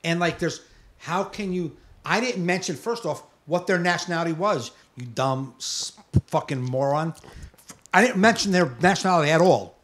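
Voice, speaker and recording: A man's voice: a little high, normal speed, a bit bright. A man co-hosting a podcast in casual chat, ranting bluntly and with plenty of swearing, and often tossing in short agreeing replies. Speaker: podcast co-host.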